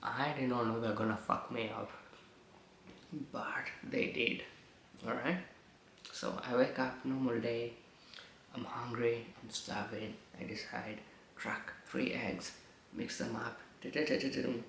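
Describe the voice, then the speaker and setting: A man with a gravelly, bright-edged voice talks slowly and chattily, a slight lisp from fresh braces on his words. He rambles through a casual vlog at home, swearing now and then. The recording is echoey with a faint hiss behind him. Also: medium pitch, flat delivery. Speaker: vlogger. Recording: echoey room.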